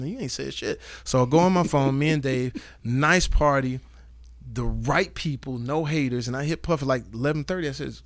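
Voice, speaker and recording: A man guest telling animated, profane stories in a casual interview, acting out the dialogue. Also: medium pitch, a little fast, dry recording. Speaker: guest, comedian and actor.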